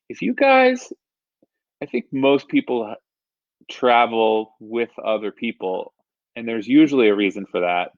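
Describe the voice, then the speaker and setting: A man's voice: fairly low pitch, no echo, dull audio. A man in his thirties telling personal stories in a casual, self-deprecating way on a live stream from his home kitchen. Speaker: storyteller. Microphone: phone or webcam on a live stream.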